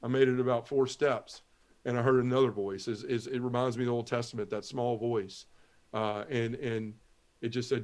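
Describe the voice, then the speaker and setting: A middle-aged man telling his conversion story as a podcast guest, earnest and often dropping to a hushed voice. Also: medium pitch, fairly even intonation, fairly quick. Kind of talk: testimony storytelling.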